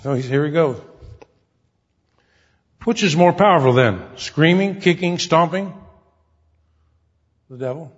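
A man's voice: a little high, expressive, unhurried, long pauses. A man preaching an earnest, folksy sermon, acting out the people he quotes. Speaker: pastor. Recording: dull recording in a hall with long reverb.

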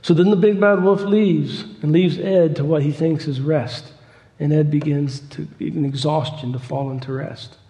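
A man with a slightly high voice preaches a sermon at a moderate pace, recorded with long hall reverb. Telling a story, he grows more fervent until he rises to loud excitement.

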